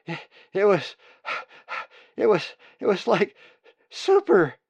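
A breathless little female raven chick, as a male storyteller puts her on, stammering and tripping over her words in a high, shrill squeak. The gravelly edge of the reader's voice shows through. The storybook reading sounds dull and lo-fi, with a dry room. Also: very animated, takes it slowly, full character voice. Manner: breathless stammering, frightened then thrilled.

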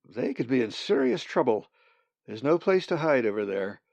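A man voicing a calm, practical male raven who speaks in a matter-of-fact way. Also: mid-range voice, normal speed, dry recording. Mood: serious. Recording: dull, slightly muffled sound.

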